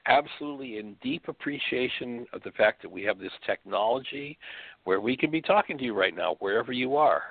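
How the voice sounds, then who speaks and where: Over a dry phone connection from his bedroom, a man leads a spiritual radio program, teaching earnestly and asking rhetorical questions. He has an expressive, husky mid-range voice with vocal fry and talks fairly quickly, with no room sound.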